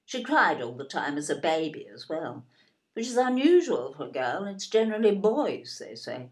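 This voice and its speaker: A woman's voice: lowish voice, big pitch swings, normal speed. A fretful older grandmother. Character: fretful grandmother, older woman, worrying over family. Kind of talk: radio play acting.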